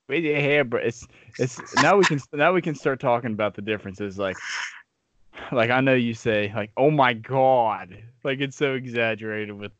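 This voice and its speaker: A man's voice: medium pitch, moderate pace, a bit bright. A young man from the States, a podcast co-host telling stories in casual chat, laid-back and profane, laughing often. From Southern United States. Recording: slightly muffled, dry audio.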